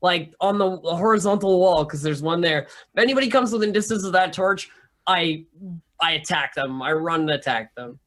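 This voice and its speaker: A man's voice: high-pitched, expressive, normal speed, a bit bright. A man playing a tabletop game, laid-back and rambling, swearing casually. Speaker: player.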